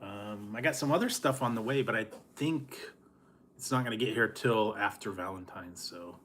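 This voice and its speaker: A man's voice: lowish voice, moderate pace, fairly bright tone, a little hiss or hum. Chuckling, rambling food vlogger man. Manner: rambling, chuckling often, many fillers. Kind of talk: casual chat vlog.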